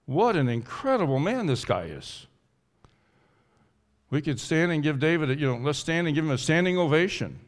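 Male pastor, sermon, somewhat high voice, loud-to-soft swings, dramatic first-person pleading. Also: very animated, moderate pace. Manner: wide swings from loud and high to quiet and low.

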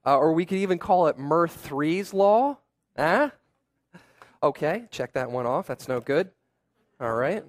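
A young man preaches in a relaxed, conversational way, mixing personal stories with quick asides. His voice sits a little high for a man. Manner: conversational, self-deprecating storytelling with asides. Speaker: pastor. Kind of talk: sermon.

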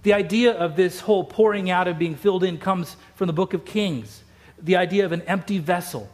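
High-voiced pastor from Utah. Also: male voice, a little fast. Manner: storytelling, emphatic, with repeated phrases. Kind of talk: sermon.

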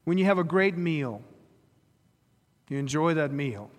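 A man's voice: on the high side, lively intonation, a little slow. A man preaching a sermon, retelling a story and pressing his listeners with rhetorical questions. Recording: reverberant hall.

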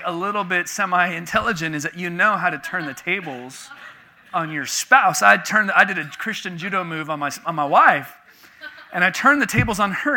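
A man's voice: a little high, sharp tone. A man in his thirties preaching a sermon as a pastor, telling a personal story in a conversational, confessional way with sudden bursts of emphasis.

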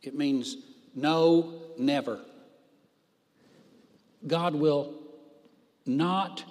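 A man with a slightly high, darkish voice preaches a sermon very slowly, hitting key words hard and drawing his phrases out for emphasis. The long reverb of a large hall rings around him.

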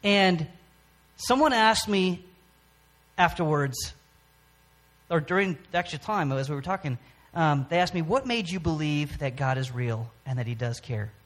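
High-voiced man giving a halting testimony. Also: fairly bright tone. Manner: halting, with frequent restarts and pauses. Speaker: church speaker. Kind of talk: personal testimony sermon.

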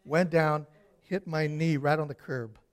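A man preaching a sermon, telling personal stories with lively acted-out voices, swinging from soft asides to shouts. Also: on the high side, a little slow.

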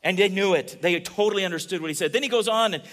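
Man, pastor, conversational sermon, fairly high voice, animated, soft asides then emphatic peaks. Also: fast talker. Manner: animated, asks the audience questions, swings between soft asides and emphatic peaks.

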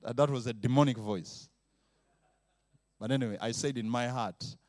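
A middle-aged man preaching a lively sermon, acting out sounds, laughing often and stretching out repeated words. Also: mid-range voice, no room sound. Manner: animated, mimics sounds, laughs often, drawn-out repetitions.

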